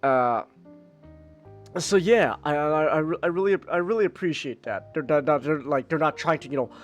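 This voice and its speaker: A man's voice: fairly high pitch, moderate pace, soft background music. A man hosting a live podcast, chatting casually about a movie he liked, rambling with many restarts and fillers. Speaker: podcast host. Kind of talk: casual movie review chat.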